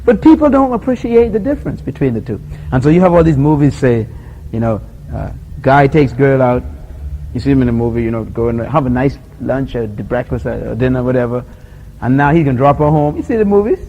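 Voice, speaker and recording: Animated man preaching a sermon. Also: medium pitch, fairly quick, muffled recording, slight background noise. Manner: animated storytelling, acts out scenes and quotes; chuckles often while making points. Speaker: preacher teaching on love.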